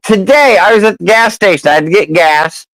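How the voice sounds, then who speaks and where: A man's voice: sits high, a little fast, dry recording, low-quality recording. A man telling a story in casual chat, swearing freely and acting out the people in it. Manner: profane, animated storyteller.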